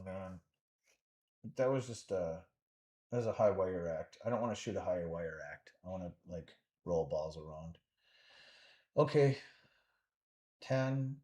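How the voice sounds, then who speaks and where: A man's voice: lowish voice, animated, unhurried, pauses often, dark tone. A man giving casual live commentary on a pool match, rambling and joking as he thinks aloud about the shots.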